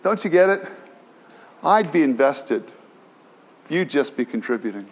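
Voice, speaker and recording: A man's voice: a little high, big pitch swings, measured pace, pitched below the performer's own voice. A man voicing a male pig in a spoken fable during a sermon. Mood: glum.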